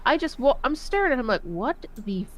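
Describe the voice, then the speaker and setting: A woman who served in the Navy, telling profane, animated stories in a casual voice chat. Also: high voice, fast. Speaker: Navy veteran storyteller.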